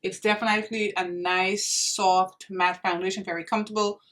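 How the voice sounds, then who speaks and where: A woman's voice: mid-range voice, little pitch movement, normal speed, a bit bright, far from the mic. A young woman reviewing makeup in a casual vlog, gushing and exclaiming to her viewers as if they were friends. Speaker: beauty vlogger.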